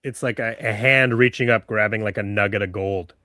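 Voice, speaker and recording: A man's voice: fairly low pitch, steady tone, fairly quick, pushed and bright, no echo, studio quality. A man co-hosting a movie podcast in easygoing casual chat, full of "like" and "yeah". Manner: easygoing, laid-back, lots of "like" and "yeah". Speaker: podcast co-host.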